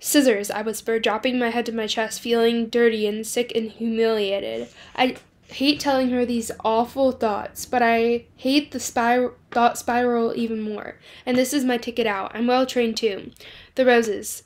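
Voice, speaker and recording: A woman reads a novel aloud in the first person for her book club, with a fairly high voice. She keeps a steady reading manner with small stumbles and self-corrections along the way. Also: moderate pace.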